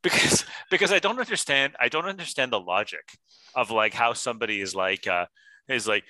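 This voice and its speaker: A man co-hosting a podcast in casual, playful banter, animated and quick to act out silly voices. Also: medium pitch, no room sound, rough recording. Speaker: podcast co-host.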